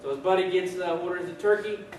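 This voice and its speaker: A man with a high voice tells a funny story at a ceremony, animated and prone to repeating his words. He stands well back from the mic in a big echoing hall, with noise running underneath. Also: quick pace. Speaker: ceremony speaker. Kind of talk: humorous storytelling speech. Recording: echoey hall, distant mic, background noise.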